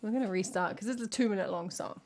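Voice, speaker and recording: A woman's voice: mid-range voice, fast talker, over loud music. A woman with an English accent, a singer-songwriter chatting casually with her live stream audience in a dry, self-mocking way. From England. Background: ukulele playing.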